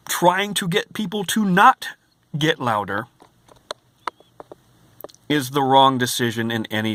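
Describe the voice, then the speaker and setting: A man's voice: fairly high pitch, bright, forceful tone, no echo. Exasperated man ranting to camera. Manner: exasperated and emphatic, repeats himself. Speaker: vlogger and hotel night clerk. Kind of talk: ranting vlog.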